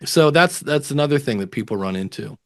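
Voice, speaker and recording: A man talks casually as a guest on an interview show, handing out practical advice. He is animated and slips into little voices when he quotes other people. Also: mid-range voice, brisk. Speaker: podcasting guest expert.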